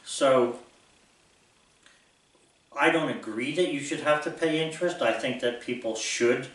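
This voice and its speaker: A blunt, rambling man in his sixties lectures his viewers in an unscripted talk. His voice sits at an ordinary middle pitch. It echoes heavily around the room and sounds a fair way from the mic. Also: a little slow, fairly bright tone, distant mic. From United States. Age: 60s. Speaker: vlogger.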